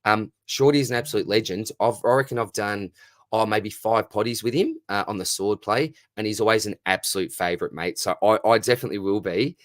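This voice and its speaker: A man's voice: fairly low pitch, a little fast, dry recording, studio quality. A man with an Australian accent hosting a casual live stream Q&A, reading out chat questions and answering them in a friendly, matey way.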